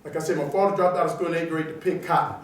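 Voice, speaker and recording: A middle-aged man with a strikingly high voice gives a punchy, emphatic motivational speech, telling stories and joking with the crowd in an animated way. His tone stays steady while his pace races. Recorded from a distance, his voice rings through a large, very echoey auditorium with a little hiss or hum.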